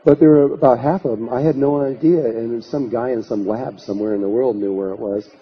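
Male lecturer, mid-pitched, spinning a long anecdote with retold dialogue; slightly muffled lecture tape with a faint hiss. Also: fairly quick. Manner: anecdotal, retells dialogue in his own voice. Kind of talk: storytelling lecture.

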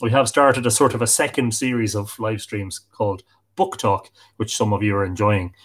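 A man's voice: on the low side, fairly even intonation, moderate pace, husky. An Irish man hosting a live stream in a casual, chatty way, greeting his viewers one by one. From Ireland.

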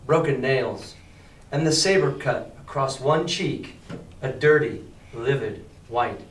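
Male teacher reading to a class. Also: a little high. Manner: chatty, paraphrases the text in casual slang. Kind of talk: reading aloud and explaining a novel to a class. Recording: roomy classroom, mic far off.

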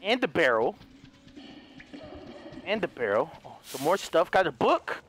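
Excitable high-voiced gaming commentator man. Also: a little slow, a little hiss or hum. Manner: excitable, yelps and swears, talks to viewers. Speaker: gaming youtuber. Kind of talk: let's play commentary.

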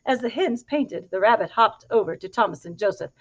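A woman reading a picture book aloud to a child in an animated, expressive way, pausing to ask questions. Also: fairly high pitch. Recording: dull lo-fi recording.

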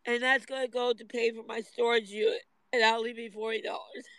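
A man's voice: extremely high pitch, flat delivery, fairly quick, a bit bright, no room sound, rough recording. A man rambling through a livestream monologue from a parked car in the hot sun, complaining and aggrieved, at times tearful.

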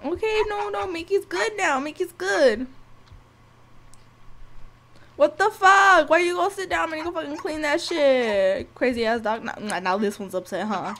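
A young woman giving casual, profane, excitable commentary over a life-sim game, scolding the characters as she plays. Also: high voice, moderate pace, few pauses, noisy background. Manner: profane, excitable, talks to the sims. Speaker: gameplay commentator. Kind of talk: casual let's-play commentary.

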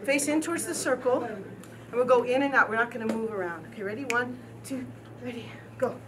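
A woman's voice: on the high side, brisk, a crowd in the background. A woman teaching a group drum and dance class, counting steps, chanting rhythm syllables and encouraging her students. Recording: distant mic with loud noise.

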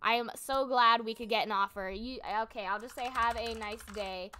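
A woman's voice: a little high, moderate pace, bright, forceful tone, smooth. A young woman casually commenting on her gameplay, chatty and giggly, thinking aloud as she goes. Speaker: gaming channel host.

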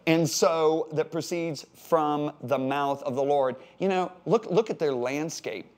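Older American male preacher, lively and humorous, repeats words for punch, voice a bit high. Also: measured pace. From United States. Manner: animated, repeats words for emphasis, jokey asides. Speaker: pastor. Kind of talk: sermon-style Bible teaching.

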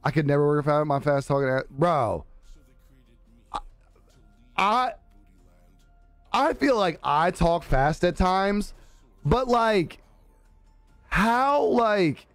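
Animated man telling a story, laughing. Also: fairly high pitch, slow pace, long pauses, no echo, faint music behind. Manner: animated, says "bro" a lot, laughs often, acts out quoted voices. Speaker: live streamer. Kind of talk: casual storytelling to stream chat.

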